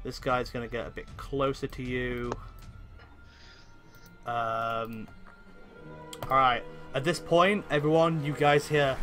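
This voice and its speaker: A man's voice: medium pitch, little pitch movement, slow, long pauses, a bit bright, faint music behind. A man narrating as game master in an online tabletop game, casual and hesitant with many fillers.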